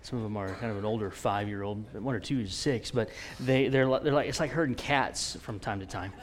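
A man in his forties preaching in a conversational, animated way, telling stories with frequent restarts. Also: fairly low pitch, a little fast. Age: 40s.

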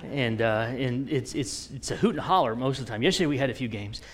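A man in his forties preaching in a conversational, animated way, telling stories with frequent restarts. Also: mid-range voice, quick pace. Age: 40s.

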